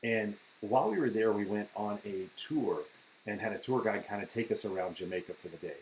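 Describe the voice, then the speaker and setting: A man's voice: lowish voice, brisk, darkish tone, a little hiss or hum, low-quality recording. A middle-aged man chatting on a podcast, an enthusiastic storyteller who repeats words as he starts his sentences. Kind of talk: casual podcast chat.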